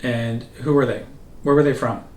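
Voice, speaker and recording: A man's voice: medium pitch, fairly even intonation, normal speed, darkish tone, slight background noise. A man from Canada co-hosting a casual podcast, with a dry, teasing manner. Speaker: podcast co-host. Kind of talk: casual chat. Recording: roomy, mic at a distance.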